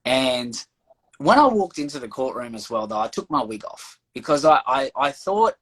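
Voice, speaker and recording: A man with an Australian accent, a podcast guest telling a lively anecdote in casual chat and acting out the people in it. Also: medium pitch, normal speed, poor audio. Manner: animated anecdote-telling, acts out quoted voices.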